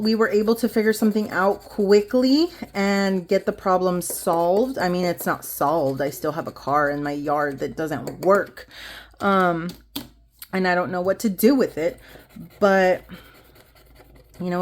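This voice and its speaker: A woman in her thirties, a budgeting vlogger, chatting casually to her viewers while she counts cash into envelopes. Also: mid-range voice. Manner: rambling, chatty, talks straight to viewers, counts bills aloud.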